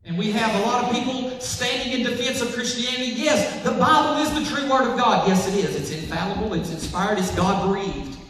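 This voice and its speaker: A man preaching a sermon, moving between soft passages and emphatic, repeated lines. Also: very high voice, fairly quick, few pauses, a little hiss or hum. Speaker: pastor. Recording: echoey hall from far off.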